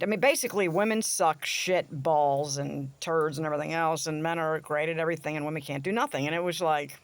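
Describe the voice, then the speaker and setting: A woman's voice: sits low, brisk, few pauses, dry recording. A woman vlogger ranting in a casual, blunt, crude way, with sarcastic jabs and mocking asides. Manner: sarcastic, swings into mocking voices. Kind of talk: casual opinion rant to camera.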